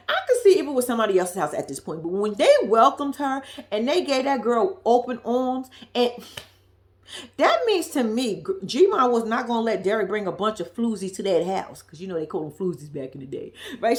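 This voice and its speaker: Animated, blunt woman recapping reality TV. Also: fairly high pitch, brisk. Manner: blunt, profane and emphatic, repeats lines for effect. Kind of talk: casual reaction commentary.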